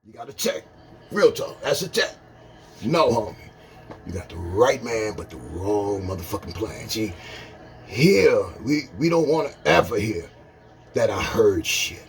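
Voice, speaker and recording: A man delivering a blunt, profane rant to camera, shifting between loud emphasis and low, muttered remarks. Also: very animated, a little slow, soft background music.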